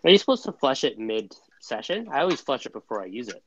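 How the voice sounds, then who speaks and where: A man giving brief, quick replies as a guest in a casual stream chat. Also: medium pitch, very animated, highs cut off, slight background noise.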